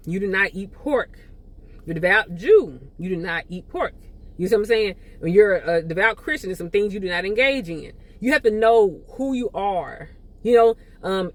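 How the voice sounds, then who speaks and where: Woman host, relaxed conversational teacher, repetitive, acts out little quotes. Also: mid-range voice. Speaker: podcast host. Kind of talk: teaching monologue.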